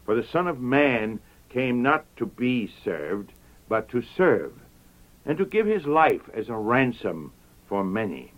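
A man preaching a sermon in a solemn, measured way that rises to ringing emphasis. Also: mid-range voice, sing-song, dull audio. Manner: slow, solemn, rising to declamatory emphasis.

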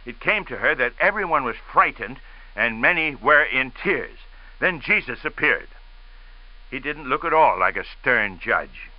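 A middle-aged man delivers a radio sermon. He speaks slowly and earnestly and tells his story with care. The broadcast sound is slightly dull. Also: mid-range voice. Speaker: radio preacher.

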